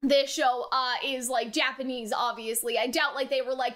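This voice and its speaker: A young woman with a very high, bright, ringing voice chats loosely through an anime episode review. She rambles and leans on fillers and tag questions as she goes. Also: steady tone, normal speed. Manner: chatty, rambling, full of "like" and "right?". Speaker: anime reaction youtuber. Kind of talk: casual review chat.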